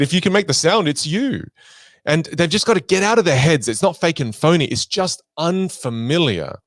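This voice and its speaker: A man guest on an interview podcast, a voice coach who talks expressively and swings his pitch and volume to make his points. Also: animated, normal speed, dry recording. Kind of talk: animated conversational interview.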